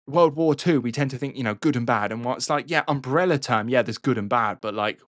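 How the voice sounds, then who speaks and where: A man's voice: medium pitch, brisk, no room sound. A man tells a history story on a podcast in a loose, chatty way, dropping swear words and checking in with "right?". His voice sits in the middle of his range and sounds dry, with no room around it. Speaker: podcast host.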